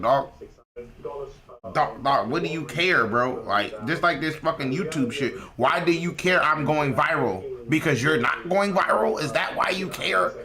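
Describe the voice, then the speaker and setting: Profane man ranting on a stream. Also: medium pitch. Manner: profane, rambling, exasperated. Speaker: streamer trading stocks. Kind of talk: casual live-stream chat.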